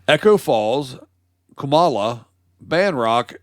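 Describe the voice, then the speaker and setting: A man's voice: mid-range voice, expressive, slow pace, no echo, studio quality. Sarcastic American man reading the news. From United States. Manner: sarcastic, reads news stories aloud with mock explanations. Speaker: podcast co-host. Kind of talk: casual comedy podcast banter.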